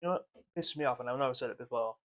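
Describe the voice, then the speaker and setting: A man's voice: medium pitch, fairly bright tone. A young man, co-hosting a podcast in casual, sweary chat. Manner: sweary, quick back-and-forth. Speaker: podcast co-host.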